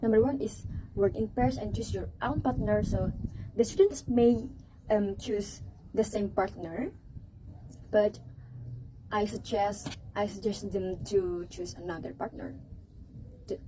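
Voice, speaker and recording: A woman's voice: mid-range voice, mellow, slight background noise, low-quality recording. A woman presenting a teaching project to a class, hesitant, with fillers and restarts.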